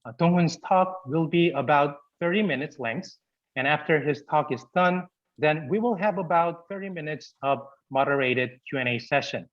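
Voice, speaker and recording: Moderator, muffled video call. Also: male voice, a little high, normal speed. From Korea. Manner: polite and formal, with frequent fillers. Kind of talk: formal introduction of a speaker.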